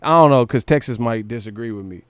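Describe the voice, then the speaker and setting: A boxing stream host from California talks fast in a medium-pitched voice with a clear, resonant tone and no echo. His casual livestream rant is brash and profane, packed with hard riffing, laughter and snatches of song.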